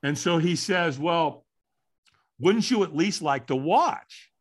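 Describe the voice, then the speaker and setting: A man in his sixties telling a personal story as a podcast guest, acting out what people said with big swings in his voice. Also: slow. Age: 60s. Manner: animated, acts out quotes with big pitch swings.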